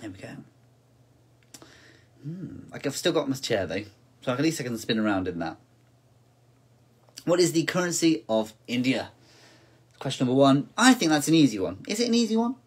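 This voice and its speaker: Husky-voiced man hosting a casual quiz. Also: mid-range voice, big pitch swings, moderate pace, long pauses. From United Kingdom. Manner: chatty, repeats each question several times, laughs at himself. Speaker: quiz host.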